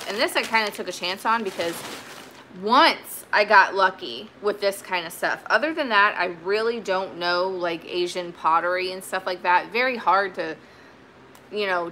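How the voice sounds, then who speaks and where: A woman's voice: mid-range voice, pushed and bright, a little hiss or hum. A woman chatting casually as she shows off her vintage finds, rambling with plenty of fillers and restarts. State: sweaty, warm. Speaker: vintage reseller. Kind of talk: casual haul video chat.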